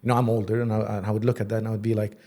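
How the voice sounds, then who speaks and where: Talking rapid-fire in a lowish voice, a forty-something Egyptian voice actor and creative director tells animated stories during a casual interview. He laughs a lot and drops into mock accents.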